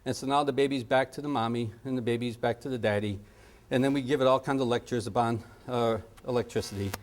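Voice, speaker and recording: A man's voice: medium pitch, fast. A middle-aged man teaching a parenting training session, joking and acting out little scenes as he goes. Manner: animated, jokey, acts out little scenes and sound effects. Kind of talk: lively training lecture.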